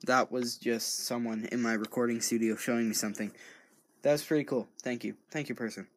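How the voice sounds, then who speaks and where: A man's voice: mid-range voice, steady tone, fairly quick. A man casually reading a true-crime account aloud, often stumbling over words, correcting himself and breaking off into joking asides. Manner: stumbling, self-correcting, rambling. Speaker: true-crime reader and commentator. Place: home recording studio.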